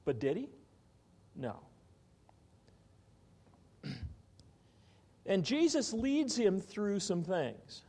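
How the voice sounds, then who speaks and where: A man preaching a sermon in an animated teaching style, often asking his listeners questions. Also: high voice, extremely slow, pauses often. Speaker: pastor.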